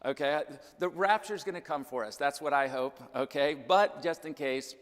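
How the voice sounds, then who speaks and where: Brief: Midwestern man, slightly high voice, chatty seminar speaker, long hall reverb. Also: normal speed. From Kansas. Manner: chatty, keeps checking in with "okay?" and "right?". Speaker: financial planner speaking at church. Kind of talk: church seminar talk. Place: church hall.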